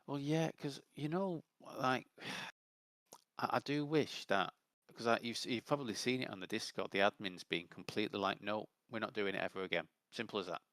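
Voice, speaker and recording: A man's voice: lowish voice, normal speed, a bit bright, no room sound. A man in a casual gaming voice chat, rambling as he explains game rules at length. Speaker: gamer in a voice chat.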